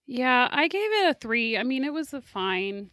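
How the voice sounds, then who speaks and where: A woman co-hosting a podcast while getting over an illness, giving frank opinions in a relaxed, casual way and laughing often. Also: high-pitched, normal speed, smooth, dry recording, clean studio sound. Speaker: podcast co-host reviewing holiday movies. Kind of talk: casual chat.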